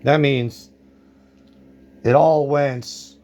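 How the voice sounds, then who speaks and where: A man's voice: mid-range voice, steady tone, extremely slow, a little mellow, dull audio. A man narrating his own board game play-through, thinking aloud and reacting to dice rolls.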